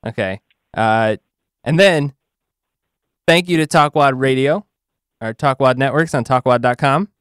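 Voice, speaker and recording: A man's voice: mid-range voice, unhurried, pauses often, a bit bright, clean tone, no room sound, studio quality. A young man hosting a show, chatting casually in a giggly, enthusiastic way. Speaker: podcast host. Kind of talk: casual chat.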